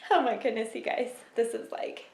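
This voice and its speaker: Chatty young woman in an echoey room. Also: a little high. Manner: chatty, emotional, laughs often. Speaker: vlogger. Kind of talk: casual chat to camera.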